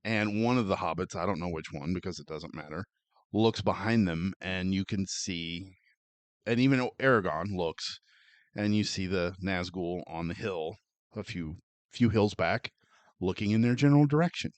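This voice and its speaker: A man's voice: low-pitched, moderate pace, dry recording. A man co-hosting a casual film review podcast, sardonic and exasperated, swearing freely. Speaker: podcast co-host.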